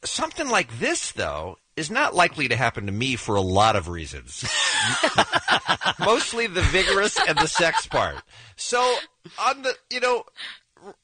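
A man's voice: a little high, wildly swooping pitch, normal speed, bright, forceful tone, slightly rough, dry recording. A man hosting a morning radio show in a studio, chatty and self-mocking as he tells a story.

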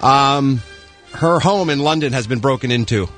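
A man's voice: mid-range voice, moderate pace, fairly bright tone, faint music behind. A man delivering the entertainment news on a morning radio show, adding wry, joking asides. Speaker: showbiz reporter. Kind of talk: casual radio news segment.

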